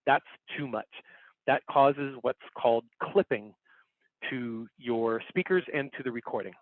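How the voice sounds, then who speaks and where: A man's voice: medium pitch, unhurried. A man runs an online workshop from a home recording setup, explaining step by step and coming back to his main points. His voice sits in a middle range, and the call audio is narrow and phone-like. The sound is dry with no room echo. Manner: casual, upbeat, talks while demonstrating on screen. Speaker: workshop instructor. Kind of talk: online class teaching.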